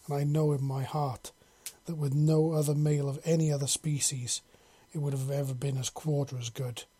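A man voicing a loving female alien huntress in a soft, purring, flat reading for a storybook. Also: a little high, moderate pace, husky. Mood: tender.

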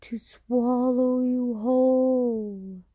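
A ghostly, menacing creature from a spooky tale , put on by a woman reading aloud stretches each word into a long, slow groan. Its voice sits higher than the reader's own and has a husky edge. The recording is dry and close. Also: fairly even intonation, dark tone, dry recording, soft background music.

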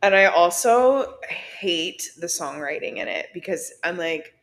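A young woman co-hosting a podcast, talking in a blunt, animated way and swearing freely. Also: fairly low pitch, measured pace. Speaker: podcast co-host. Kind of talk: casual chat.

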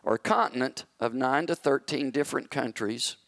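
A male pastor telling a story in a sermon, acting out the characters and rising to shouted commands. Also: medium pitch, normal speed, no echo.

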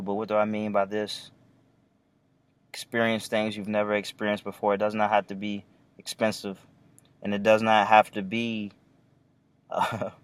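A man giving a reflective, unhurried monologue about life outdoors among trees, with some casual swearing. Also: on the low side, dry recording. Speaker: vlogger. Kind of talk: philosophical monologue.

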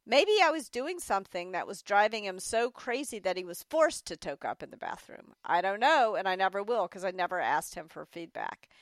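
A middle-aged woman, an interview guest and author, telling candid stories with lively quoted voices. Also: mid-range voice, moderate pace, hardly any pauses, no room sound. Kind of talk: storytelling in an interview.

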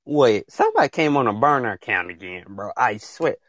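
A man's voice: medium pitch, big pitch swings, fairly quick, fairly bright tone, dry recording. Young man, AAVE speech, podcast host, passionate rambling advice, dry close sound. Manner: passionate, rambling, talks straight to viewers. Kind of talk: casual chat, preachy advice.

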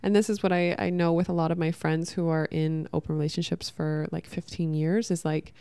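Gravelly, low-voiced woman telling a story. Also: flat delivery, brisk, mellow, dry recording, studio quality. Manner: emotional, rambling with restarts and quoted dialogue. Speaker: vlogger. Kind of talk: candid storytelling to camera. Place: at home.

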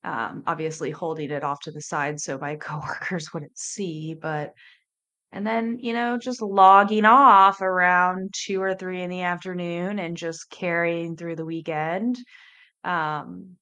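A woman in her thirties with a low voice tells her own story on a podcast. She speaks slowly, candidly and with emotion, often pausing and restarting as she goes. She sounds like a coach opening up about her past. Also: steady tone, pushed and bright. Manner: candid, emotional, halting confessional telling. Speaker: life coach and podcast host.

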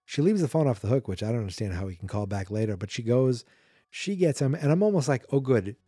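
Male podcast host, dry close mic, mellow tone, loose self-correcting movie recap. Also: medium pitch, lively intonation, fast, breathy edge, dry recording. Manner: rambling, chatty, self-correcting. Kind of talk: casual movie recap commentary.

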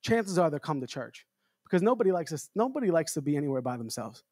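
A man's voice: fast, no echo, clean studio sound. An American man preaching a storytelling sermon at a church revival, joking and acting out the voices in his story. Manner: animated, jokey, acts out quotes with big pitch jumps. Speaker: evangelist preacher.

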